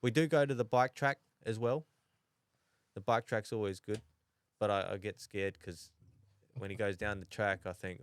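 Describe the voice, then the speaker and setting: A young Australian man talks through his story in a casual, halting way, circling back and restarting often. His low voice is smooth and resonant. The room sounds close and dry. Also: steady tone, no room sound. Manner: halting, many restarts and fillers. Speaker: podcast guest. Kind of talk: casual chat.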